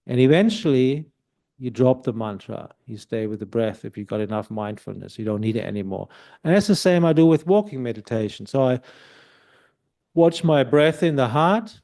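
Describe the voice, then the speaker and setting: A man, a Buddhist monk, giving calm, explanatory meditation instruction at a retreat centre, sometimes softly demonstrating a mantra. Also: mid-range voice, moderate pace, creaky.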